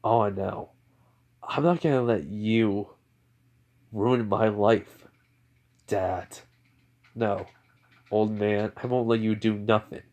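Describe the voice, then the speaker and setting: A man's voice: on the low side, steady tone, slow pace, pauses often, a little mellow. A man reads out a defiant young hero who wants nothing from his father. The figure talks curtly and dismissively, in a plain, everyday voice. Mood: cold. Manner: curt, dismissive. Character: cold defiant young male hero runaway.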